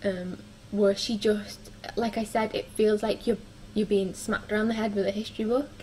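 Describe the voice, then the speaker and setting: A woman's voice: medium pitch, little pitch movement, moderate pace, a little mellow, a little hiss or hum, low-quality recording. Chatty young woman reviewing books. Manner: chatty, frequent ums and likes. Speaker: book vlogger. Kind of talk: casual book review chat.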